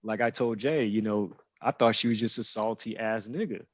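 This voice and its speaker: A man's voice: fairly low pitch, moderate pace, dry recording. A man chatting casually on a podcast, telling a rambling family story and often checking that listeners follow. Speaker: podcast guest.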